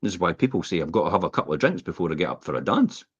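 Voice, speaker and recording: Animated deep-voiced man coaching. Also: rapid-fire, breathy edge, no room sound, lo-fi sound. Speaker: co-host. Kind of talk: casual podcast chat.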